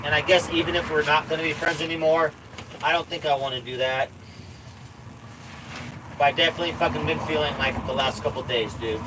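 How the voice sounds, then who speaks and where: Man streaming from his RV, loose rambling talk full of swearing and restarts, slightly high pitch, clear noise under the voice. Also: fairly even intonation, fairly quick, long pauses. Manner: rambling, swears a lot, repeats himself. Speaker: live streamer. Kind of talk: casual live-stream chat. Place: inside an RV.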